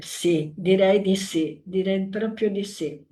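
An older woman recalling a painful time, emotional and pausing as she speaks. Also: mid-range voice, mellow. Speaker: interview guest. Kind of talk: emotional personal recollection.

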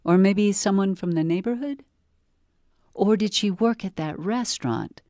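A woman librarian introducing a program and reading the first page of a novel aloud in a calm, measured way. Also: mid-range voice, no echo, studio quality. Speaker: librarian reading a book excerpt. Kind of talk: read-aloud book narration.

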